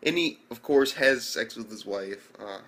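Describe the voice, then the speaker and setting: A man's voice: mid-range voice, expressive, unhurried, fairly bright tone. A man giving a casual, rambling video review of an anime, swearing constantly and acting out the scenes as he goes. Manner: profane, rambling, acts out scenes.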